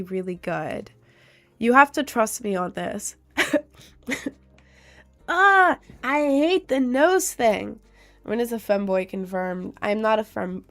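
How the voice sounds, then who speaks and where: With a medium-pitched, slightly bright voice, a woman who streams live and makes music reads viewer comments aloud in a chatty, casual way. She's nasal from congestion after a cold and keeps saying "um" and "like."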